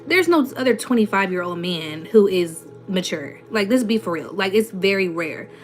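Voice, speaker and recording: A woman's voice: medium pitch, animated, normal speed, faint music behind. A woman in her twenties with a Southern US accent, chatting casually as a host who reads comments aloud and answers them in a blunt, sassy way. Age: 20s. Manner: blunt, sassy, rhetorical questions. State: runny nose. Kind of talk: casual livestream chat.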